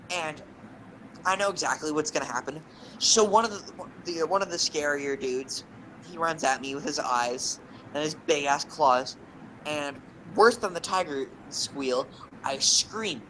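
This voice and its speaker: A young man and podcast co-host telling rambling, animated gaming anecdotes, swearing freely. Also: a little high, slight background noise, low-quality recording. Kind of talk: casual storytelling.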